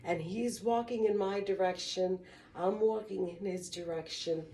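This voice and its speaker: A woman slowly telling a personal story in an earnest, testimonial way, breaking into small religious exclamations. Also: mid-range voice, warm tone.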